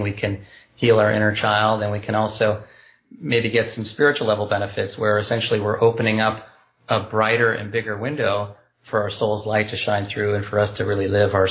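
A man's voice: on the low side, muffled recording. A man being interviewed on a podcast, explaining a compassion practice in an earnest, explanatory way with spiritual wording. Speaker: guest, compassion practice teacher.

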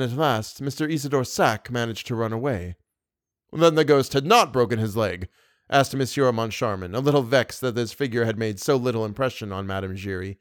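A man reads a classic novel aloud in a lively, animated way, his pitch sitting in a middle range. The recording is dry and close, with no room sound. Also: brisk, no echo. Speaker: audiobook reader. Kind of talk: audiobook narration.

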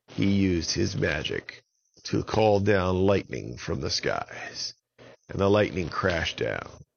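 A man with a very low, gravelly voice tells a children's story. He speaks slowly, with lively ups and downs in pitch. The recording is slightly dull and lo-fi. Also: no room sound. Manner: unhurried, expressive storytelling.

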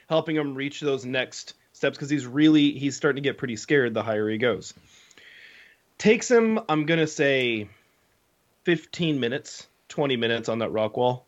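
A young man co-hosting a podcast, telling a story in a casual, animated way with lots of fillers. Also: mid-range voice. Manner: animated storyteller, many fillers and acted quotes. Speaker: podcast co-host. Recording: slightly dull lo-fi sound.

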